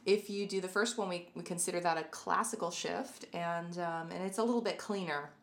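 A woman's voice: fairly low pitch, brisk, gravelly, over music. A middle-aged woman giving a casual spoken lesson on violin technique, explaining in a conversational way with many fillers and restarts. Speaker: violin teacher.

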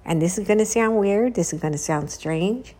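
A woman telling a spooky story casually while out walking, dropping to a hushed whisper at the tense parts. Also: medium pitch, moderate pace. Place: outdoors, walking.

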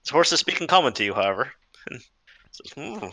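A man running a tabletop game, his narration bright and lively in pitch, stumbling through restarts and fillers as he describes the scene. The sound is dry and close to the microphone. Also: no room sound, rough recording. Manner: halting, full of fillers and restarts. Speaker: game master.

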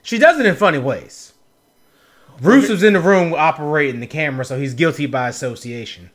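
A man's voice: fairly high pitch, animated, fairly quick. A man hosting a casual podcast, teasing his co-host and rambling in loose, easygoing sentences. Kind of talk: casual wrestling talk.

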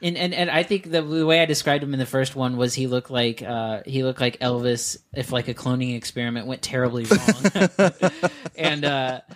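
A male podcast co-host chatting casually about films. He talks in an animated way, laughing often and piling on exaggerated disbelief. His voice sits at an ordinary middle pitch. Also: normal speed. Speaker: podcast co-host, film critic. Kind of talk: casual chat.

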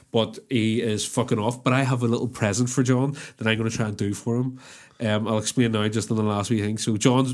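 A man's voice: mid-range voice, darkish tone. A man, co-hosting a podcast in rambling, sweary banter. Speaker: podcast co-host. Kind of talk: casual chat.

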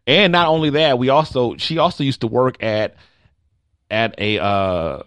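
A man's voice: mid-range voice, a bit bright, smooth, no room sound. A man co-hosting a comedy talk podcast, reading listener answers aloud and joking about them. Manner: joking, reads out listener answers with quick reactions. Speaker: podcast co-host. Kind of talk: casual comedic chat.

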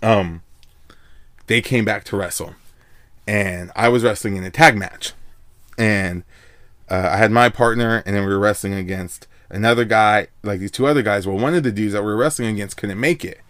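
A man with a lowish voice tells a personal story in a loose, rambling way, leaning on filler words as he goes. The sound is dry and close, with no room echo. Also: normal speed, a bit bright. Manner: rambling, laid-back, heavy on filler words. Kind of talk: casual storytelling.

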